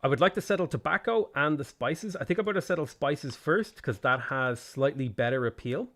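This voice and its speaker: A man's voice: fairly high pitch, lively intonation, a little fast, a bit bright. Guy live-streaming a strategy game, mutters the same question over and over, lots of ups and downs in his voice. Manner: thinks aloud, mutters repeated questions, laughs often; thanks viewers by name between moves. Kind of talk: casual live-stream commentary.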